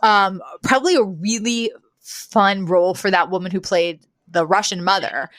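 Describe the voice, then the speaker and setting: Woman podcast cohost recapping a show, animated, acts out quotes, dry close mic. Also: medium pitch, normal speed, no echo. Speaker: podcast co-host. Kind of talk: casual episode recap chat.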